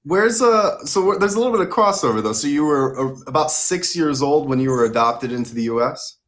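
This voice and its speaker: A man's voice: fairly high pitch, animated, fairly quick, fairly bright tone. A man hosting a live-stream interview show, talking in an enthusiastic, chatty way and laughing easily. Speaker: host.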